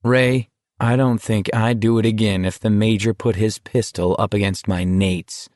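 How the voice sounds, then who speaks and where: A man's voice: fairly low pitch, steady tone, normal speed, a little mellow, dry recording, clean studio sound, lightly acted. A man doing a grim, blunt teenage boy. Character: weary, bitter teenage boy walker.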